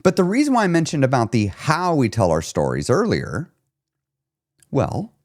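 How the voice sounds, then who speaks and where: Animated, lively weight loss coach, man. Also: medium pitch, moderate pace. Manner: animated, emphatic, casual with swearing. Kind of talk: solo podcast monologue.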